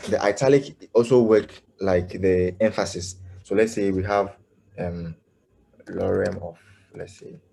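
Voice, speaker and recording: Man, deep voice, mellow, halting teacher, many fillers, video call lesson, faint noise. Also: fairly even intonation, gravelly. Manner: halting, many fillers, keeps asking "you understand?". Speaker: coding instructor. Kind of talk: live online coding lesson.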